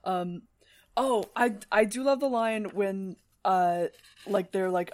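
A woman's voice: medium pitch, measured pace, darkish tone. A woman co-hosting a casual book podcast, talking hesitantly with lots of fillers. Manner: hesitant with fillers, laughs often. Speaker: podcast co-host. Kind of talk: casual book-club chat.

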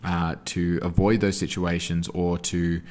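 Low-voiced man telling stories animatedly. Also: a little slow. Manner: animated storytelling with frequent restarts. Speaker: guest; anti-bullying school performer. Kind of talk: interview answer.

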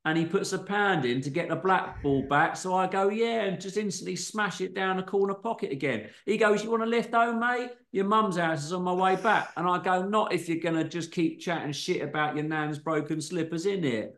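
Man doing a swaggering London youth, cocky, highish voice, echoey room. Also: normal speed, hardly any pauses, a bit bright. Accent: London youth speak. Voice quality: slangy, swaggering. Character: brash young male London lad, cocky and dismissive.

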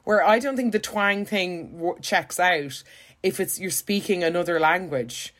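Low-voiced woman gossiping. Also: measured pace. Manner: animated, chatty, laughs often. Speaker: podcast co-host. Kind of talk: casual gossip chat.

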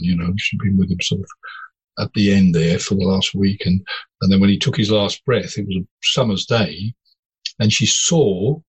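Deep, very husky storytelling man. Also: low-quality recording. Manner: animated storyteller, digressive. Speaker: podcast guest. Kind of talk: storytelling in casual conversation.

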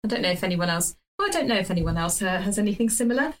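A woman, a podcast co-host who tells animated stories and teases her partner. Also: mid-range voice, very fast, low-quality recording. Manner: animated storyteller, teasing. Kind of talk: casual chat.

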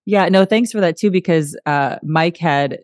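A middle-aged woman hosting an interview, chatty and warm, who acts out family moments with lively impressions. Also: fairly low pitch, normal speed, dry recording, studio quality. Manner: warm, chatty, animated impressions of her husband. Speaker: podcast host. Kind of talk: casual conversational interview.

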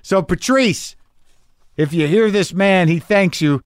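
A man's voice: high-pitched, takes it slowly, clean tone, dry recording, studio quality. A middle-aged man hosting a podcast, reading listener emails aloud and riffing in a loose, profane, rambling way with lots of restarts. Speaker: podcast host.

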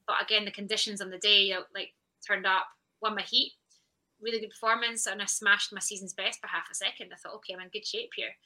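Bright-voiced woman telling her story. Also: medium pitch, level tone, fast talker, poor audio. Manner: candid and reflective, with frequent laughs and quoted self-talk. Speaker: athlete guest. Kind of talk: personal storytelling in a podcast interview.

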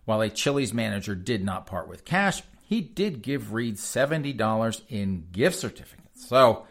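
A man's voice: on the low side, expressive, normal speed. A man hosting a sarcastic news commentary show, rambling and chuckling as he addresses his audience as folks. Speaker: host.

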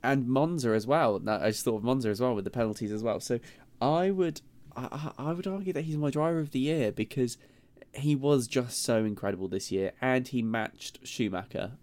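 A man hosting a casual podcast debate, halting and restarting often, quick to apologize. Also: mid-range voice, a little mellow. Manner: hesitant, self-interrupting, apologetic. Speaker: podcast host.

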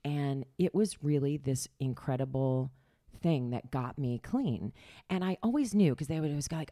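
A woman's voice: extremely low pitch, lively intonation, fairly quick, mellow, dry recording, clean studio sound. A middle-aged woman candidly telling her life story in a casual chat, laughing often and sometimes dropping to a near whisper.

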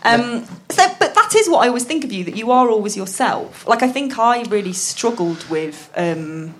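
A woman's voice: on the high side, animated, normal speed, slight background noise. A woman hosting a casual live chat, teasing her guest and giggling along. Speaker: podcast host.

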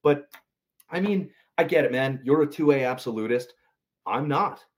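Podcast host guy, jokey, swears a lot, voice swings up and down. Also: moderate pace. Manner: joking, swears casually, lively pitch. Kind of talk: casual podcast conversation.

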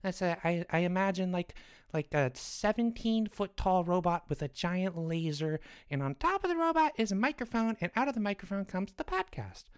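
An excitable, scatterbrained young boy, acted by a woman, who rambles and wanders off topic in comedic podcast banter. The voice sits a touch low, smooth and clear. He talks in bursts, restarting and piling on ideas. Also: normal speed. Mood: curious. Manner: scatterbrained, rambling, easily sidetracked. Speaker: podcast co-host.

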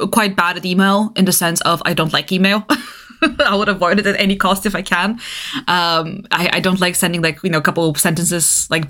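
A woman's voice: lowish voice, fairly bright tone. A woman co-hosting a podcast in casual chat, a non-native English speaker who laughs often and restarts her sentences. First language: not English. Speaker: podcast co-host. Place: northeast England.

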